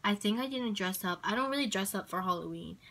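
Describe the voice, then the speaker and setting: A woman's voice: mid-range voice, animated, quick pace, bright, forceful tone, rough recording. A woman vlogger answering tag questions in a rambling, hesitant way, full of ums and likes. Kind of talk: casual Q&A tag video.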